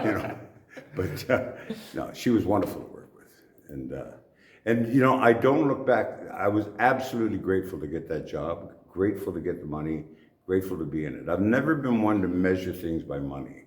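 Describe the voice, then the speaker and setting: Deep-voiced older man, gruff storyteller. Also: lively intonation, moderate pace. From Canada. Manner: gruff, swears casually, laughs at own stories. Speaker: actor guest. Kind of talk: anecdotal interview storytelling. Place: convention venue indoors. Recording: echoey convention room.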